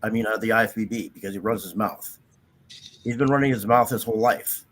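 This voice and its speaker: A man's voice: lowish voice, brisk, a bit bright, a little hiss or hum, low-quality recording. A man on a podcast panel speaking bluntly and dismissively, heard over a video call. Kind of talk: casual talk.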